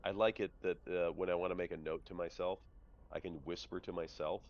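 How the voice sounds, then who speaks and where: A man's voice: sits low, brisk, lo-fi sound. A man acting as game master for an online tabletop game, chatting casually and reading out room descriptions. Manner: relaxed, chatty, reads room descriptions aloud.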